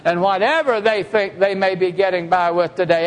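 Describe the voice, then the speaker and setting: A man with a high-sitting voice preaches to a congregation at a moderate pace, emphatic and full of rhetorical questions. The recording carries a long hall reverb.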